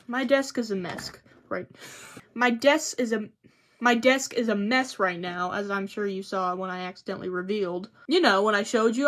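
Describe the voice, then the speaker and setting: A woman's voice: mid-range voice, a bit bright. A young woman vlogging to camera in a casual, rambling chat, swearing freely and joking at her own expense. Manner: rambling, profane, self-mocking.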